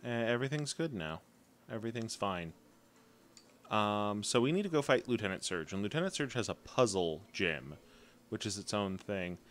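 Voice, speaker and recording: A man's voice: lowish voice, lively intonation, normal speed. A man live-streaming a video game, chatting casually and humming to himself as he plays. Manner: chatty, hums to himself while playing.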